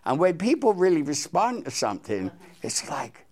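A man's voice: fairly high pitch, normal speed, husky. An older man, a musician, animatedly telling stories as an interview guest. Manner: animated, excitable anecdote telling. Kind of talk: storytelling interview.

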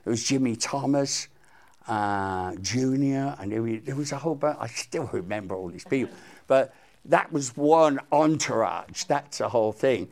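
Animated older musician, storytelling. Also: male voice, mid-range voice, moderate pace, vocal fry. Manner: animated, excitable anecdote telling. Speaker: guest musician. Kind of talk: storytelling interview.

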